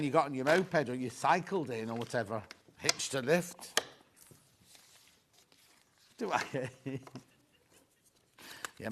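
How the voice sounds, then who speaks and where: A man's voice: medium pitch, vocal fry, noisy background. A middle-aged man hosting a live shopping show, chatting and rambling through jokey asides between prices. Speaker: shopping channel host. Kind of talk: live TV selling, casual chat.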